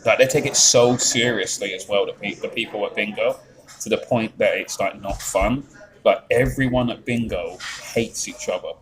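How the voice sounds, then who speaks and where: A man's voice: on the low side, moderate pace, a crowd in the background, rough recording. A man with a Yorkshire accent chatting on a live stream, rambling, swearing freely and reading out chat messages. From England.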